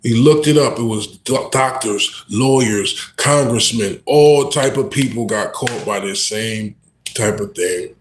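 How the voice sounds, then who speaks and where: A man rapper telling a story on a casual livestream, animated and slangy, often turning to the listener. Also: medium pitch, a little slow, slight background noise. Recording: echoey room.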